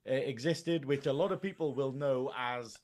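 A man's voice: medium pitch, moderate pace, darkish tone. A man co-hosting a show in casual chat, rambling, swearing freely and laughing often. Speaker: co-host.

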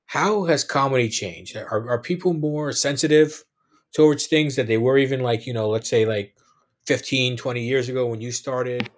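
A man's voice: medium pitch, normal speed. Man hosting, asking rambling questions. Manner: hesitant, rambling questions with fillers. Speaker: podcast host, interviewer. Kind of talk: casual interview questions.

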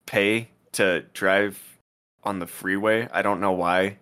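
A young man co-hosting a podcast, telling a story in casual chat, animated, peppered with "dude" and "bro.". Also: deep voice, slow pace, clear, resonant tone. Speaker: podcast co-host. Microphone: podcast microphone.

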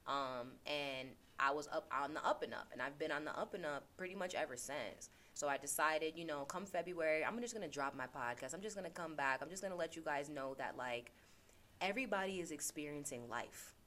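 A woman's voice: low-pitched, brisk, fairly bright tone, slight background noise. A woman hosting a podcast, talking casually and earnestly about self-reflection, repeating phrases for emphasis. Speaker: podcast host; teacher. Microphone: laptop.

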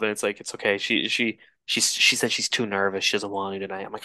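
A young man from Canada, a podcast co-host telling a rambling, animated story in casual chat, with frequent restarts and swearing. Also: on the low side, fast, hardly any pauses, dry recording, studio quality.

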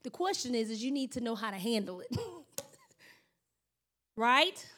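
A woman pastor preaching a sermon in an animated storytelling manner, acting out her own thoughts and laughing often. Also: on the high side, measured pace.

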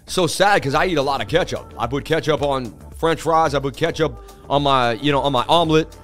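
A man's voice: on the high side, a bit bright. A man hosting a crypto livestream, telling rambling stories in casual slangy chat and saying "dude" and "man" a lot.

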